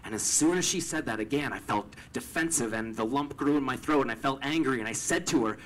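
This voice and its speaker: A young man from Canada telling a personal story, stammering over repeated words and swinging from hushed to loud with emotion. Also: mid-range voice, a little fast, low-quality recording.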